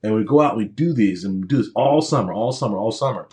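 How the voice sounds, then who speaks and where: A man's voice: on the low side, expressive, quick pace, a little mellow. A man giving a motivational speech to aspiring medical students, talking conversationally with personal stories and repeating phrases for emphasis. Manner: conversational, checks in with the audience.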